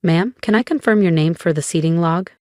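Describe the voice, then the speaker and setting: A woman's voice: lowish voice, fairly quick, a little mellow, no echo, clean studio sound, natural voice. A woman voicing a polite, courteous female usher in a narrated story.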